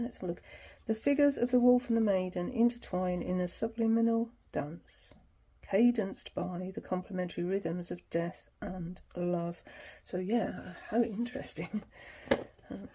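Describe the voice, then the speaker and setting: A woman's voice: fairly low pitch, warm tone, slightly rough. A woman hosting her tarot channel, chatting casually through an unboxing, laughing easily and reading passages aloud.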